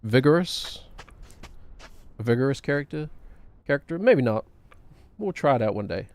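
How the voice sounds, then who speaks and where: A man with a mid-range, expressive voice talks at a moderate pace during casual live-stream chat on a game stream. Rambling and self-mocking, he laughs a lot.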